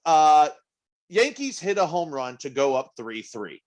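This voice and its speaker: In an unhurried, slightly high voice, this podcast co-host shares a story during casual conversation. The telling is animated and profane, with quoted asides he performs.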